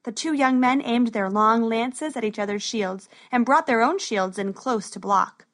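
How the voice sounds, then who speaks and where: A woman reads a storybook aloud in a steady, even narration. Her voice sits a little high. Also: normal speed.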